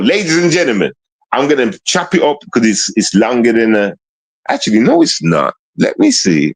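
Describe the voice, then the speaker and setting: A man's voice: medium pitch, very animated, normal speed, no echo, poor audio. A man livestreaming in a rambling, casual way, full of street slang and constant tag questions. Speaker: streamer. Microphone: streaming mic.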